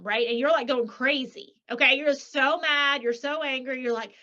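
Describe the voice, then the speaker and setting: Lively high-voiced woman author. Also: a little fast, few pauses, highs cut off. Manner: lively, acts out quoted voices, many rhetorical "right?"s. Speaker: author and guest. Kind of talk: animated interview talk.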